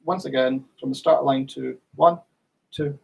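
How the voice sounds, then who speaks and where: A man's voice: mid-range voice, fairly even intonation, a little fast, vocal fry, heavy background noise. A man teaching fiddle in an online workshop, patiently counting in and singing rhythms.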